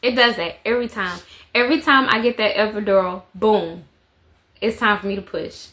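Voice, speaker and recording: A woman's voice: mid-range voice, normal speed, pushed and bright, slight background noise. A woman, telling a story to the camera in a chatty way and repeating phrases for emphasis. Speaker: vlogger, mother of four.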